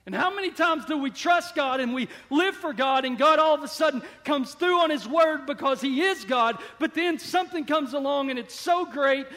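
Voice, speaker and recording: A man preaching a sermon as pastor, swelling loud and dropping low as he reads and explains scripture. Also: normal speed, hardly any pauses. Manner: preaching with sudden swells and drops in volume. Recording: long hall reverb.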